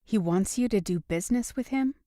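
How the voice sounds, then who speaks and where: A woman's voice: mid-range voice, brisk, mellow, dry recording, clean studio sound, lightly acted. A woman voicing an upset young woman who is defensive and sarcastic in an audiobook. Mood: angry. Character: upset young woman, guarded and sharp-tongued. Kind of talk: audiobook dialogue reading.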